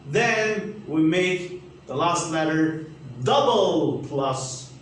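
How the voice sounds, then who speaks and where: A man with a Turkish accent teaching an English grammar lesson, speaking slowly and emphatically and spelling letters out. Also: fairly high pitch, animated, very echoey, far from the mic, slight background noise, rough recording.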